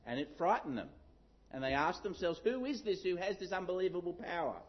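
A middle-aged man preaching a sermon, telling a story with lively acted-out shouts. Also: high voice, a little fast, husky. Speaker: pastor. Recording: dull lo-fi sound.

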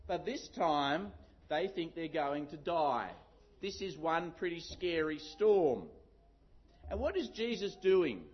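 A middle-aged man preaching a sermon, telling a story with lively acted-out shouts. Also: high-pitched. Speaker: pastor. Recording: dull lo-fi sound.

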